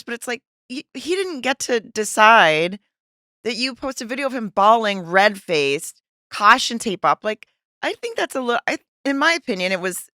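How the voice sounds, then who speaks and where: A woman's voice: a little high, lively intonation, moderate pace, bright, forceful tone, dry recording, clean studio sound. A woman co-hosting a podcast, sharing her opinions earnestly and hesitantly, often trailing off mid-thought. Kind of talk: casual chat.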